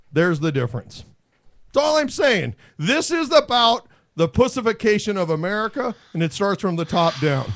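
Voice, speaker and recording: A man's voice: high-pitched, big pitch swings, normal speed, fairly bright tone. Brash, laughing man hosting a talk show. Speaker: host. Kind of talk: casual political banter.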